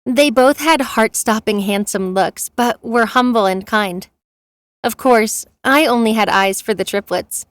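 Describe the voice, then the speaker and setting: A woman narrating a first-person romance story in a steady, plain reading. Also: a little high, measured pace, dry recording.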